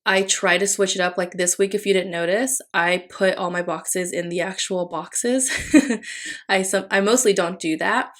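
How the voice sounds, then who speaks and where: A woman's voice: fairly low pitch, fairly even intonation, moderate pace, a bit bright. A young adult woman casually narrating a plan-with-me voiceover, chatty with frequent fillers and little apologies. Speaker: planner vlogger.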